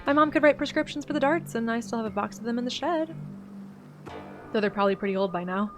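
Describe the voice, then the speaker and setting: A woman's voice: on the high side, expressive, fast, music in the background, lightly acted. A woman voicing an eager young woman who hunts monsters on video, in a voiced-over game, earnest and pleading.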